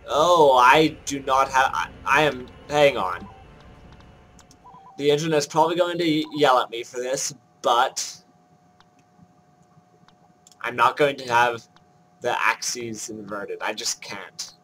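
A man's voice: medium pitch, slow pace, pauses often, sharp tone. Joking man narrating his gameplay. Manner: jokey, self-mocking, thinks aloud while playing. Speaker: gameplay commentator. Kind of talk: casual let's-play commentary.

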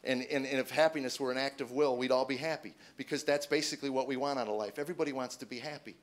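Fast-talking comedian telling a personal story. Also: male voice, medium pitch. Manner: self-deprecating, acts out dialogue in shifting voices, rises to excited near-shouts. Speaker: stand-up comedian. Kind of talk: stand-up storytelling. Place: stage before a live audience.

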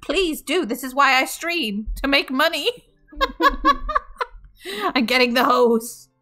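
A woman's voice: sits high, lively intonation, slow, bright, forceful tone, faint music behind. A playful young woman streaming a game, chatting and laughing often. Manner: giggly, playful, swears.

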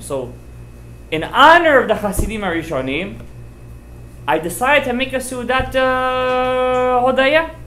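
A man, a rabbi giving an informal sermon, telling stories with emphatic, animated delivery and sprinkling in Hebrew and Yiddish terms. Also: very high voice, unhurried, pauses often, a little hiss or hum. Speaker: rabbi giving a Torah class. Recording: roomy echoey room.

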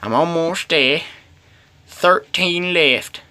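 Man, gameplay commentary, bright tense voice, slightly high pitch, talks to himself. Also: very slow. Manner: talks to himself, pleading and playful. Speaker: gamer.

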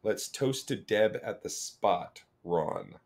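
A man's voice: lowish voice, huge pitch swings, slow, creaky, darkish tone, heavily acted. A man voicing a rowdy male forest ranger with a put-on Southern accent, reading letters aloud in a drawl. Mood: joking.

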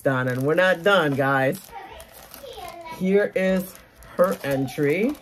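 Gushing, tearful woman vlogger. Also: deep voice. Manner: gushing, emotional, exclaims often. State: tearful at times. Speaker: vlogger hosting a giveaway challenge. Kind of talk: casual unboxing vlog.

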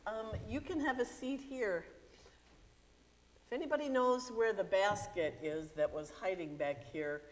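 Slow-speaking woman pastor in reverberant church. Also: medium pitch. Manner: gentle, questioning children playfully. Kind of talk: children's sermon. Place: church sanctuary.

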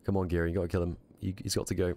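Deep-voiced man streaming a game. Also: flat delivery, rapid-fire, dark tone. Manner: muttering reactive play-by-play, talks to himself. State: strained voice. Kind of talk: live gameplay commentary.

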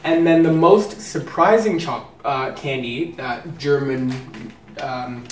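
A man's voice: medium pitch, takes it slowly. A man hosting a casual candy-tasting video, playful and easily delighted. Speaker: vlogger host. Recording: roomy echo, from a distance, faint noise.

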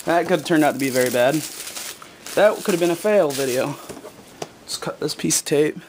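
Breathless excited teenage boy. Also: a little high, normal speed, slight background noise. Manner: excited, rambling with many ums and self-corrections. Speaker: gaming video maker. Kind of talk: casual unboxing vlog.

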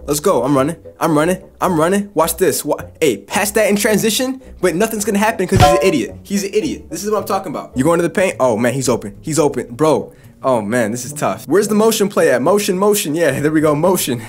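A young man giving hyped, trash-talking commentary over his basketball video game, reacting fast to every play. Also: a little high, animated. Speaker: gaming YouTuber. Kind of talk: excited gameplay commentary.

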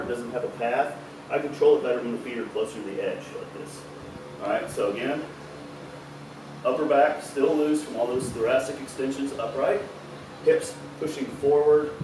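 A man's voice: medium pitch, noisy background. A man talking casually through his stretching routine, loose and chatty and swearing at times, a little out of breath. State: slightly out of breath. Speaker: fitness vlogger. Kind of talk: casual instructional talk. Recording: echoey room, mic at a distance.

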